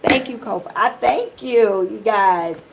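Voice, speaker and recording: A woman's voice: mid-range voice, unhurried, vocal fry, background noise. A middle-aged woman from the Detroit area giving a live tarot reading, chatting and rambling straight to her viewers. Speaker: tarot reader.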